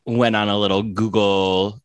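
A man co-hosting a podcast, talking in a halting way with restarts. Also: fairly low pitch, little pitch movement, smooth, dry recording. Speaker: podcast co-host. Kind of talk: casual chat.

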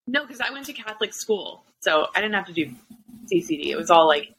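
A woman's voice: on the low side, animated, a little fast, a bit bright, slight background noise, poor audio. A young adult woman hosting a podcast, chatting casually with lots of fillers and restarts. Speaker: podcast host. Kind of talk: casual chat.

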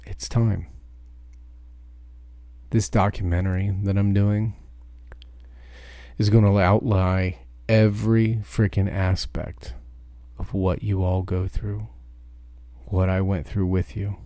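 A truck driver giving a profane, ranting podcast monologue. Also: male voice, deep voice, flat delivery, slow pace, pauses often, warm tone, no echo.

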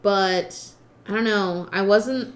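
A woman's voice: medium pitch, takes it slowly. Woman, casual movie chat, hesitant, rambling, casual swearing. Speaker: podcast co-host.

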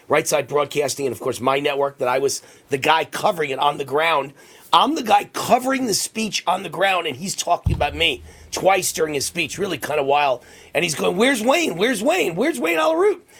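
Middle-aged guy on talk radio, husky voice, boastful storyteller, shouts get high when he acts stuff out. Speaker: radio and TV talk show host. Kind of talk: conservative talk radio monologue.

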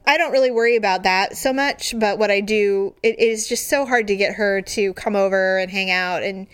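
A woman's voice: moderate pace, smooth. A woman in casual chat, telling a funny story with lots of laughter and squealed, acted-out quotes. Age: adult. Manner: animated, laughing, acts out quotes in high squeals.

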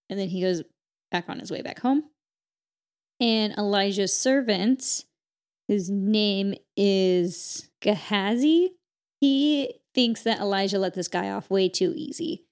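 A woman co-hosting a podcast, casually retelling a story with lots of "like" and quick character voices. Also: medium pitch, a little mellow. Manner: chatty, peppered with "like", voices characters in quotes. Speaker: podcast co-host.

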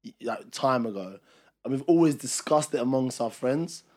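A young man, co-hosting a podcast and telling a story in casual chat, acting out what others said. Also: mid-range voice. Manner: rapid, animated, acts out quotes. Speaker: podcast co-host.

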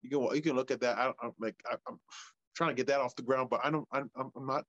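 A man's voice: medium pitch, fairly even intonation, fast talker, fairly bright tone, no room sound, highs cut off. A male wrestler as interview guest, talking casually, hesitant and full of fillers. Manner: hesitant, filler-heavy, laid-back.

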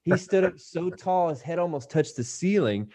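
Animated man telling a bar story. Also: sits high, normal speed, no room sound. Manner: animated storyteller, acts out voices and laughs. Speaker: podcast host. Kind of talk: casual storytelling chat.

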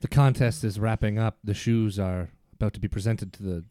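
A man narrating an improvised comedy story on a podcast, in an animated storytelling manner. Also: on the low side, a little fast, no echo, studio quality.

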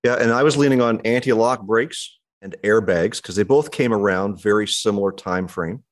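A man's voice: fairly low pitch, normal speed. A man co-hosting a podcast in casual chat, plain-spoken and agreeable. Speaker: podcast co-host.

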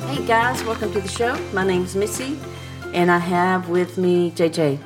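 A woman with a Southern US accent hosts a faith podcast, welcoming her co-host and joking along. She sounds cheerful and easygoing, with a slightly low voice. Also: fairly even intonation, normal speed, soft background music. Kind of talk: casual podcast chat.

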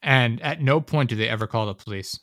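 Young man, casual rambling chat, animated, dry close sound; acts out scenes. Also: mid-range voice, fairly quick, dry recording.

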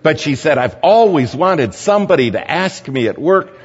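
A man's voice: on the high side, moderate pace, husky. Man telling a sermon story in a hall. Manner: lively anecdotal storytelling, chuckling at his own story. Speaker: speaker at a church gathering. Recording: dull, echoey hall recording.

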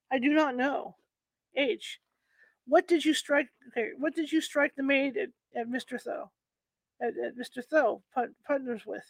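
A high-pitched woman reads an old court record out loud, line by line. She trips over the archaic phrasing and starts lines again. Her voice sounds dry and close. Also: no room sound. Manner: halting reading, frequent restarts on old wording. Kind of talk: reading a historical court transcript aloud.

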